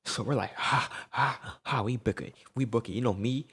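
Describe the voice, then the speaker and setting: A young man telling a storytime tale in casual slang, animated and peppered with "right?" tags. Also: medium pitch, moderate pace, slightly rough.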